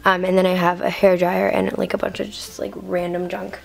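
A woman's voice: lowish voice, flat delivery, a little fast, creaky. A teenage girl giving a rambling, filler-heavy room-tour vlog to a handheld camera in her bedroom. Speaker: vlogger.

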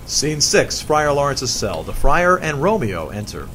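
Lively male narrator. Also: mid-range voice, measured pace, hardly any pauses, slight background noise, low-quality recording. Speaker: narrator and teacher. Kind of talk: reading stage directions and a part.

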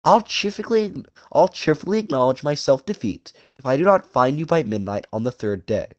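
A man's voice: on the high side, animated, a little mellow, dry recording, highs cut off, voice pushed up, natural voice. A man voicing a suave aristocratic male hunter general, cruel and genteel, with a courtly, purring, theatrical delivery, drawing out his phrases. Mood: relishing. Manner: drawn-out, relishing phrasing raised above the narrator's voice. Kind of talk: audiobook character voice.

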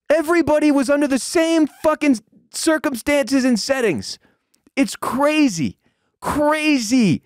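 A man hosting a sports podcast, ranting in a profane, heated way with shouted peaks, then dropping to a low, weary tone. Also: no echo, clean studio sound. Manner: drops to low, weary tone when calming down. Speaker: podcast host. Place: home room with dogs.

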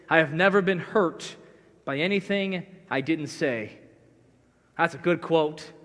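High-voiced pastor preaching in a reverberant church. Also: male voice, fairly bright tone. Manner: conversational, self-deprecating storytelling. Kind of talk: sermon. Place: church sanctuary. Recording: long church hall reverb.

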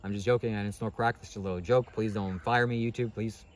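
A man's voice: on the low side, steady tone. A man giving a rambling motivational monologue to camera, constantly asking himself questions and checking in with "okay?". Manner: fast-talking, rhetorical questions, frequent "okay?". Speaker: spiritual vlogger.

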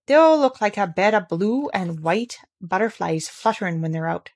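A woman's voice: mid-range voice, animated, normal speed. Friendly moorland country boy, easy homely talk, as a woman reader puts him on. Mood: easygoing.

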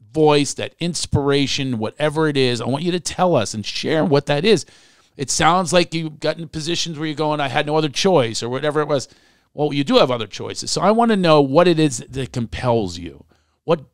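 A man's voice: on the high side, no room sound, clean studio sound. A man hosting a podcast, pressing his guest with repeated, probing questions. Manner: insistent, repeats himself, keeps pressing the guest. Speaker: podcast host.

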